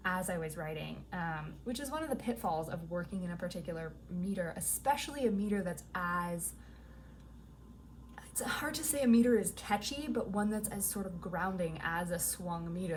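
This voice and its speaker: A woman's voice: lowish voice, expressive, moderate pace, a little hiss or hum. Chatty songwriter woman humming rhythms. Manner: chatty and upbeat, hums rhythms with "da da" while explaining. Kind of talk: casual explanation of songwriting to viewers.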